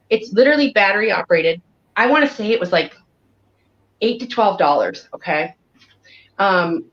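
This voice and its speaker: A woman with a Western New York accent, a professional dog groomer, giving a chatty, animated grooming demonstration and checking in with "okay?" as she goes. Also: mid-range voice. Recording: dull lo-fi audio.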